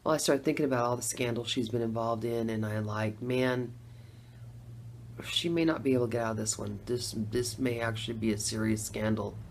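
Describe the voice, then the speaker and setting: A middle-aged woman telling her own story in a chatty testimonial vlog, laughing between lines and swinging from hushed to loud. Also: extremely low pitch, steady tone, a little fast, creaky, slight background noise.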